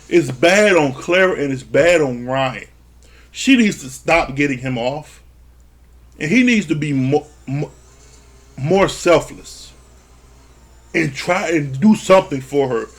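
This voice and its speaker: A man with a somewhat high-pitched voice gives a loose, unscripted review of a reality TV episode. He swears freely and laughs often. He slips into quick impressions of the people on the show. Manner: profane, laughs often, acts out quotes. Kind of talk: casual commentary.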